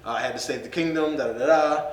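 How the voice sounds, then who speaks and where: A man's voice: on the high side, quick pace, echoey room, lightly acted. A man voicing a dying male knight saying goodbye to his partner, paraphrased in an offhand, casual way. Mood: tender.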